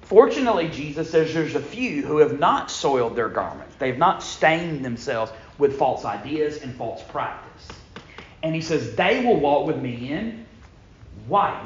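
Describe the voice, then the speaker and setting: A man preaching a sermon in a church, emphatic, swinging from loud bursts down to low, quiet lines. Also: slight background noise. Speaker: pastor. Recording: echoey room, dull lo-fi sound.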